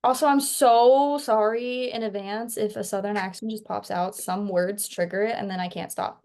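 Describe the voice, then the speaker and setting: A woman's voice: mid-range voice, steady tone, moderate pace, a little mellow. A young adult woman co-hosting a podcast in casual chat, chatty with lots of filler words. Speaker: podcast co-host.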